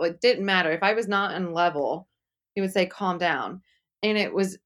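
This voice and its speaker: A woman's voice: on the low side, a bit bright. A young woman speaking candidly as an interview guest, chatty and full of "like" fillers, acting out what others said. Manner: chatty, frequent "like" fillers, acts out quotes.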